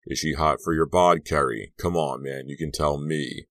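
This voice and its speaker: Male narrator voicing a teen joker, needling and brash, very deep read, dry booth sound. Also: moderate pace, fairly bright tone, no room sound. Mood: teasing. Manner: teasing, needling jokes. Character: wisecracking teenage boy friend, teasing and brash. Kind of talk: audiobook character reading.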